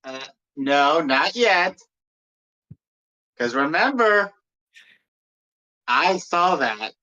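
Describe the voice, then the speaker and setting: Player at a tabletop game, bright sharp voice, bouncy pitch, bit muffled. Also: animated, very slow. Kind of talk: casual chat in a tabletop game.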